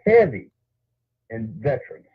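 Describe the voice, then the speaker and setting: A man's voice: mid-range voice, big pitch swings, unhurried. An older man calling in to a talk show, friendly and direct. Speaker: caller. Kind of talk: call-in on a phone line. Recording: tinny phone line, husky.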